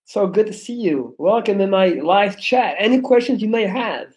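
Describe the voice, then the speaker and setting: A young man with a non-native English accent reads chat on a casual livestream, blunt, profane and joking. His voice sits high and a little mellow, animated at a moderate pace. The audio is poor.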